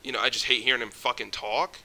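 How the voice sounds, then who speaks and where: Young guy ranting to the camera, super bright edgy voice, jittery, trips over his words, swears a lot. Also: mid-range voice, steady tone, fast talker. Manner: swears often, rambling restarts. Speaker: vlogger. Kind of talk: casual ranting monologue.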